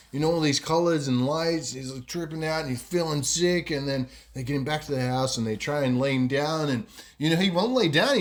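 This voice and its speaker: Podcast host, casual storyteller, rambling delivery, pitch a bit above average. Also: male voice. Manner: rambling, lots of ums and "you know".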